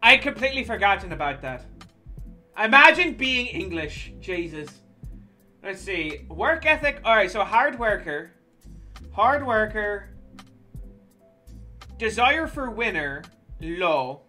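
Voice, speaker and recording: A game streamer chats casually over gameplay in a bright, sharp voice with wide pitch swings, joking, swearing and teasing viewers. The delivery is sing-song and slow with long pauses, and faint music plays behind.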